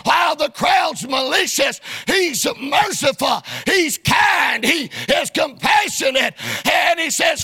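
A man preaching a sermon in a fervent, shouted, chanting cadence with frequent "uh"s. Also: very high voice, lively intonation, slow pace, few pauses, faint music behind.

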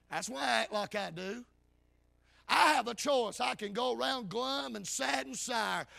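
High, gravelly hollering preacher man. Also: measured pace, no room sound. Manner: shouts, punctuating with "amen" and "hey". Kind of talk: hollering revival sermon. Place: church.

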